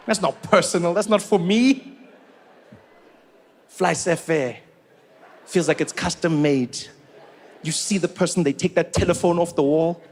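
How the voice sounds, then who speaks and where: A man's voice: a little high, a little slow, long pauses, a little hiss or hum. A man in his forties from South Africa doing stand-up comedy, telling stories with incredulous rising questions.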